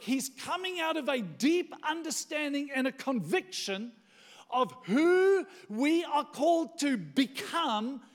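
A man with a notably high voice leads a church service as its pastor. He preaches with rising emphasis, and his words ring out through a long reverberant hall. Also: fairly bright tone. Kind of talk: sermon. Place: church sanctuary.

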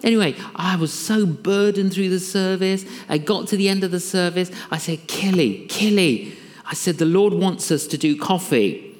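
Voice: medium pitch, normal speed. A preacher, telling a story from the pulpit and acting out the dialogue with laughter. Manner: animated, acts out dialogue with laughter. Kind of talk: storytelling sermon. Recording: long reverb of a large hall.

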